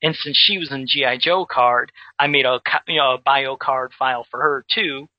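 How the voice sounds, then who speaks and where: A man telling a story in casual chat, animated, with many restarts and repeated words. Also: mid-range voice, normal speed, no room sound, highs cut off. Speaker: guest who makes custom action figures.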